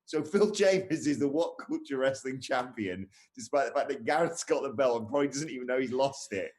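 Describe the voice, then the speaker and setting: A man's voice: medium pitch, animated, brisk, a little mellow. A young man co-hosting a live stream, casually reading viewer comments aloud with jokey asides.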